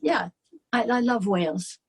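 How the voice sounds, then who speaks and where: An older woman from England, a guest in an interview, chatting warmly and laughing as she tells stories. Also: on the high side, expressive, a little slow, husky. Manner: warm, laughing, storytelling. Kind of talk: casual chat.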